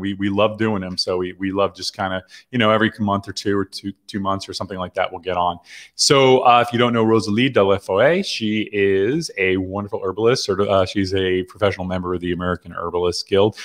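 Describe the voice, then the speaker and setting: A man's voice: on the low side, fairly bright tone. A middle-aged man hosting a live video call, chatty and rambling with lots of fillers and restarts. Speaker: host. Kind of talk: casual livestream hosting.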